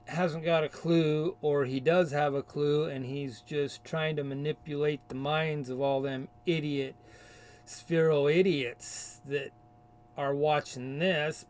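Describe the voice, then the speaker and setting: A man's voice: a little high, darkish tone. A man delivering a combative, insulting rant in a video rebuttal. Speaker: video commentator. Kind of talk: ranting rebuttal.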